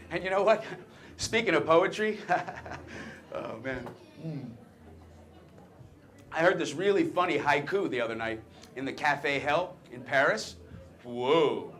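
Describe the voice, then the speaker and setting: A man's voice: fairly high pitch, lively intonation, slow, long pauses, pushed and bright, pitched below the performer's own voice, exaggerated voice. A man playing a brash wisecracking talking penis. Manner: cocky stand-up patter, teasing the audience. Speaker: stage performer. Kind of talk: stage comedy monologue.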